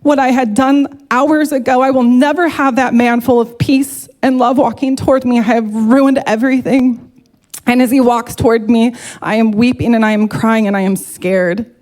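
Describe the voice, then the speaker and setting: A woman's voice: a little high, fairly even intonation, moderate pace, darkish tone. A woman giving a heartfelt, emotional personal testimony to a church congregation, speaking openly and earnestly.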